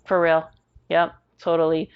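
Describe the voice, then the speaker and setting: Lively veteran woman, lo-fi audio. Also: low voice, unhurried, clear, resonant tone. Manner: lively retelling, acts out quoted dialogue. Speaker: guest, Army veteran. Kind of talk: casual interview storytelling. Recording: dull lo-fi audio.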